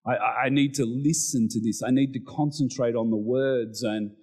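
A middle-aged man preaching a sermon, animated, with excited exclamations and humorous asides. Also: mid-range voice, moderate pace. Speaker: pastor.

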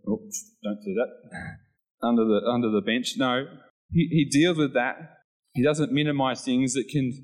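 A man's voice: a little high, poor audio. A middle-aged man preaching an informal sermon in a chatty way, acting out little scenes with sudden voice changes.

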